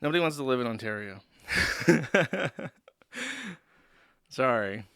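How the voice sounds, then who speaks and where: A man hosts a livestream with a bright, forceful voice that comes through smooth and crisp. He rambles in a sarcastic, profane, joking way, close on a desk mic with a dry sound and no room around it. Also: medium pitch, expressive, slow pace, no echo. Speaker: streamer host. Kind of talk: livestream commentary.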